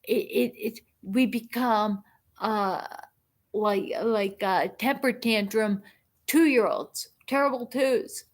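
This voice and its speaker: A middle-aged woman hosting a casual livestream chat, talking in a halting way with many restarts and asides. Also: a little high. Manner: slow, halting, frequent restarts and self-talk. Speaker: livestream host.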